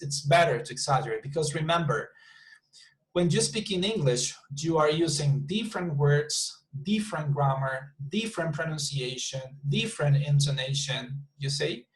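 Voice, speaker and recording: A man's voice: on the high side, low-quality recording. A man with a slightly raised voice teaches an online English class over a video call. He explains patiently, repeats words often and keeps checking that students follow. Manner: repeats words often, says "you see" and "super" a lot.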